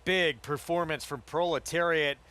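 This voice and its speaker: A man's voice: fairly high pitch, normal speed, sharp tone. A man giving enthusiastic race analysis in a broadcast. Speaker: racing analyst.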